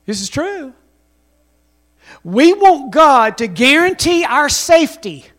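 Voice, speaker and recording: A man's voice: very high voice, very animated, slow pace, a bit bright. A man preaching a sermon as pastor, telling stories with emphasis and calling on the congregation to respond.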